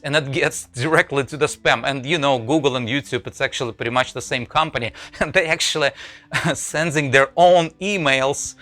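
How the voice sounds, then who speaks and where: A man's voice: mid-range voice, bright, forceful tone, no room sound, rough recording. A man hosting a live woodcarving stream, chatting to viewers with many fillers and restarts. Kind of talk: casual live-stream chat.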